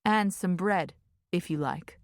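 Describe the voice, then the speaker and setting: A woman voicing a gentle but menacing young prince in an audiobook, speaking a little lower than her narration. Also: slow, dry recording, clean studio sound. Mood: soft.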